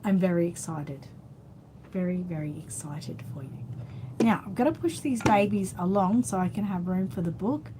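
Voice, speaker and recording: A woman's voice: lowish voice, animated, moderate pace, noisy background. An Australian woman hosting a casual live chat, rambling and reading out viewer comments while tired and yawning. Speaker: channel host.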